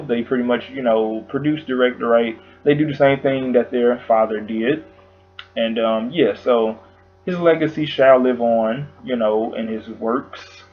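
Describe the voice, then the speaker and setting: A man giving an emotional tribute in his vlog, talking haltingly with long pauses, sighs and fillers, close to tears. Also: mid-range voice, narrow, tinny audio. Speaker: vlogger.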